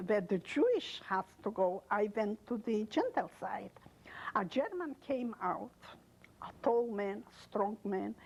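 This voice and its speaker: An older woman from Poland giving an oral history testimony, speaking in halting, emotional English with broken non-native grammar. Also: medium pitch, vocal fry, slightly rough, low-quality recording. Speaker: interviewee.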